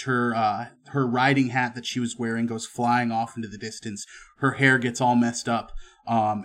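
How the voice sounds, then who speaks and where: Laid-back man running a western tabletop game. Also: mid-range voice. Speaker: game master.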